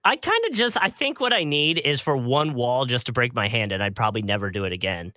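A man's voice: mid-range voice, big pitch swings, a little fast, bright, forceful tone, no echo. A young man co-hosting a podcast, telling rambling stories in casual chat and laughing often. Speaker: podcast co-host.

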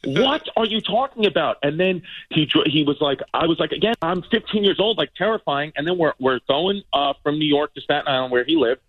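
A male comedian telling family stories in casual chat, animated and acting out the people in them. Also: fairly high pitch, fairly quick, few pauses, dry recording, lo-fi sound. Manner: animated, acts out family members' voices. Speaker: comedian guest.

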